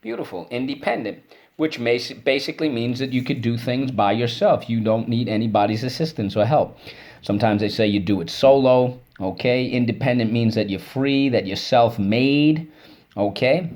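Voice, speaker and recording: A man's voice: mid-range voice, darkish tone. A man teaching a spelling and phonics lesson, encouraging and repeating each word for students to say back.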